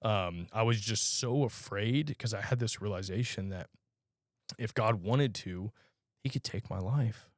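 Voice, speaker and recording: Brief: male podcast guest, low-pitched, earnest and halting testimony, dry close recording. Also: dry recording. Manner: halting, earnest storytelling with frequent pauses. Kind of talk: personal testimony in a conversational interview.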